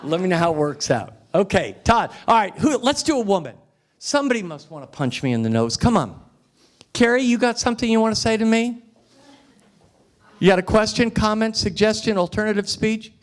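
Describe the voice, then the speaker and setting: Male motivational speaker, slightly high voice, animated, teasing the crowd. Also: fairly quick. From United States. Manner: emphatic, repeats phrases for effect, teasing audience. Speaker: guest speaker. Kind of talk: motivational speech. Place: restaurant event room.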